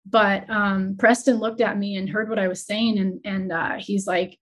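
A woman entrepreneur talking openly as a guest, retelling a stressful stretch in an earnest, emotional, halting way. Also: medium pitch, fairly even intonation. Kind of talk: candid conversational storytelling.

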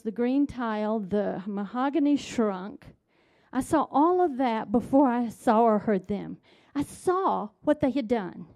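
Slow, soft-toned woman telling a story. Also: fairly high pitch. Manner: storytelling, drops to hushed tones and builds to emphatic points. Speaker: speaker. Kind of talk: devotional talk with personal story.

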